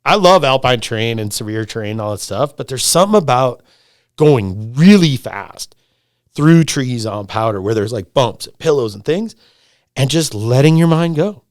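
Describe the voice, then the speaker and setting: Middle-aged man, podcast guest, excitable rambler, mid pitch, dry close mic. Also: normal speed, no room sound. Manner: animated, rambling, swearing, repeating himself. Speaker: lodge owner, podcast guest. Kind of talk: casual podcast conversation.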